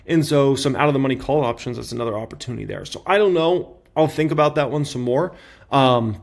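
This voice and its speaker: A man's voice: fairly high pitch, darkish tone. A man in his thirties, a stock market commentator, talking casually to his viewers and often tossing in "like" and "right?". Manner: conversational, filler-heavy with tag questions. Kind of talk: casual talk to camera.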